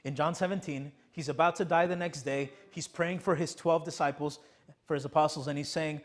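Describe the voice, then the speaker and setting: Emphatic young pastor preaching, higher voice. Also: male voice, steady tone, a little fast. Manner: emphatic preaching with repeated rhetorical questions. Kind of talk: sermon. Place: church sanctuary.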